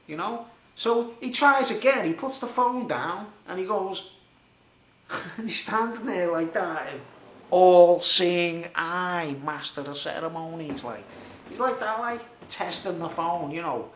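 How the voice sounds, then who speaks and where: A Scouse man rambles through a long personal story. He is chatty and animated and keeps checking in with his listeners, and his slightly high voice rings around an echoey room. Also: slow. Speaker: vlogger.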